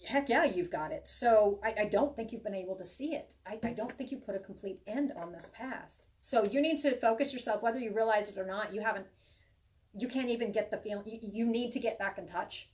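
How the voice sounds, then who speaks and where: A woman's voice: mid-range voice, fairly quick, a little mellow, far from the mic. A woman giving a live tarot reading to viewers, chatty and reassuring, rambling with many restarts. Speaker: tarot reader.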